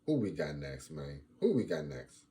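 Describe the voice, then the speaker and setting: A man's voice: rumbling low, moderate pace. A young man hosting a casual sports fan vlog, talking playfully and repeating lines for emphasis. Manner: animated, playful trash talk.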